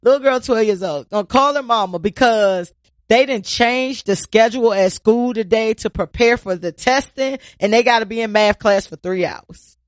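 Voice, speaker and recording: A woman co-hosting a podcast in casual chat, telling stories in an animated way and swearing freely. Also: a little high, normal speed, no room sound, clean studio sound. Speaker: podcast co-host.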